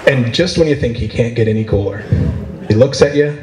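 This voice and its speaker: A man performing a stand-up comedy routine for a live convention audience, with a playful, animated delivery. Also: medium pitch, brisk, a crowd in the background. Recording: roomy echo of a convention hall.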